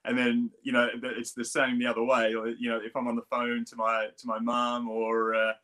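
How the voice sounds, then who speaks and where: A man's voice: medium pitch, monotone, a little fast, sharp tone. A middle-aged man with a strong Australian accent, a swim coach chatting as a guest, rambling with many restarts. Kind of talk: casual interview chat.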